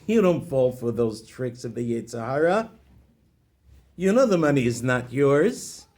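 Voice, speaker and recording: A man, a rabbi, telling a story with moral lessons in an expressive way, speaking directly to listeners. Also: medium pitch, a little slow.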